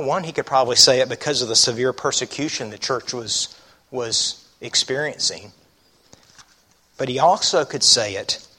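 A man delivers an earnest sermon, leaning on rhetorical questions and reading scripture aloud with emphasis. His voice is bright and forward, sitting at an ordinary pitch for a man. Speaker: pastor.

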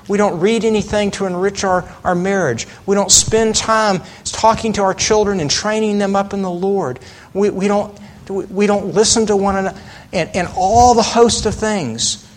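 Middle-aged male preacher, slightly high voice, slow and chatty, lots of rhetorical questions. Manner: conversational preaching with rhetorical questions and frequent restarts. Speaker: pastor. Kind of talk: sermon.

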